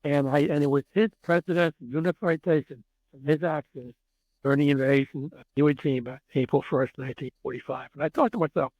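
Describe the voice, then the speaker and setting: A husky man in his eighties tells stories as an interview guest, raising his slightly high voice to act out the dialogue. His delivery is animated, and the recording is dry and close. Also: a little fast, no room sound, muffled recording. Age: 80s. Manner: animated storyteller who acts out dialogue. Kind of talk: storytelling interview.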